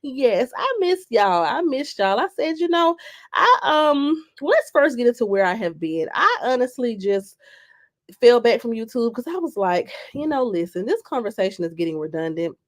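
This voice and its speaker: A woman's voice: on the high side, very animated, moderate pace. A young woman with a cold, chatting casually and animatedly to viewers on a live stream, repeating phrases and greeting people by name. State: has a cold. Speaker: YouTuber live-streaming to her audience.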